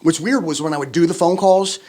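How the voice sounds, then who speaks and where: A man from Minnesota, a radio DJ, telling animated stories in a casual interview and laughing easily. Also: fairly high pitch, brisk. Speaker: radio DJ guest.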